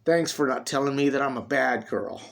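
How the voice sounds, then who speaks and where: A man's voice: medium pitch, moderate pace, gravelly. A man voicing a saucy, defiant young redheaded woman who is also a tender, consoling mother. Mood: sassy. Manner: sassy, later soft and consoling.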